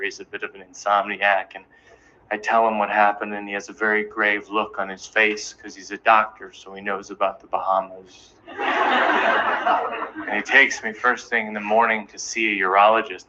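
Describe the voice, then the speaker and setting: A man in his thirties telling a stand-up comedy story in an anxious, self-deprecating, animated way. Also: on the low side, normal speed. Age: 30s. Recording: dull, noisy live recording.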